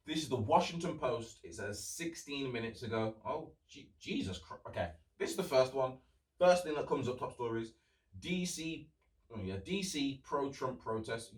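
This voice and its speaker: A man's voice: medium pitch, a bit bright, far from the mic, rough recording. A young man hosting a solo podcast, rambling in casual chat, sarcastic and swearing as he rants. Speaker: podcast host.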